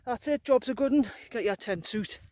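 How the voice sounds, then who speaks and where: A woman, talking to camera in a chatty, jokey and excitable way while out on open hills. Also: on the high side, normal speed, no room sound, poor audio. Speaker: vlogger, wild camper. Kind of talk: casual outdoor vlog narration.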